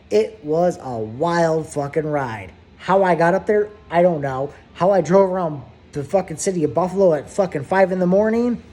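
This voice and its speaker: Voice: mid-range voice, darkish tone. Profane, rambling 30s storyteller. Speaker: vlogger. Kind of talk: casual storytelling.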